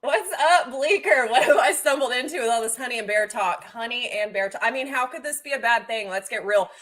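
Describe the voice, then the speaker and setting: Female stream host, bubbly and excitable, a touch higher than most. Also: brisk. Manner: bubbly and excitable, swings loud and soft. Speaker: livestream host. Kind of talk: casual livestream chat.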